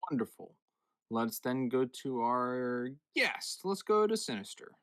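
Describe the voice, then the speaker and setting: A man hosting a casual film podcast, passing the floor to each co-host and correcting himself as he talks. His voice sits at an ordinary middle pitch. The sound is dry and close. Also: sing-song, a little slow, fairly bright tone, dry recording. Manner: chatty, self-correcting, moderates turns. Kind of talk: casual chat.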